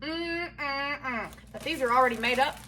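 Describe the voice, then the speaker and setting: A woman's voice: high-pitched, a little slow, sharp tone, slight background noise. A woman, a chatty, folksy mother talking through a casual home cooking vlog in her kitchen with self-deprecating humor. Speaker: home cook vlogger and mother.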